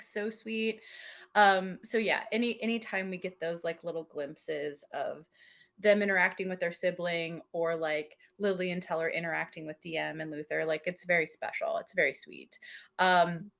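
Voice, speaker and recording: A woman's voice: lowish voice, steady tone, normal speed, creaky, a bit bright. Chatty young woman talking books. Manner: chatty, many fillers and restarts, laughs often. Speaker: podcast co-host. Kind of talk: casual book discussion.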